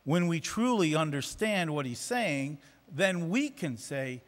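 A man's voice: a little high, expressive, takes it slowly, hardly any pauses. A man preaching a sermon, emphatic and repeating phrases for effect. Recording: long reverb of a church hall.

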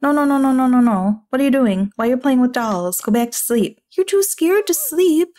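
A woman's voice: high voice, lively intonation, mellow. A woman chatting through a life-sim game, talking to her characters as if they were family and laughing often. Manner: laughs often, quick to exclaim. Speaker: gaming YouTuber. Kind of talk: casual let's-play commentary.

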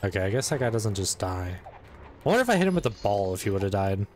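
A man giving casual let's play commentary, excitable, talking to the game and saying "dude" a lot. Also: lowish voice, fast, faint music behind. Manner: excitable, talks to the game and its characters.

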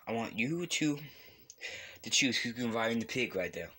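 A man's voice: mid-range voice, lively intonation, normal speed, sharp tone, husky. A young man playfully narrating a block game, voicing its characters and making animal noises. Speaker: video maker voicing toy-like game characters.

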